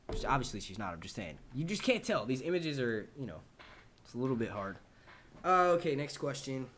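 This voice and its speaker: A man's voice: medium pitch, big pitch swings, fairly quick, a bit bright, slight background noise. A man answering viewer questions on a live stream in a casual, rambling and profane way.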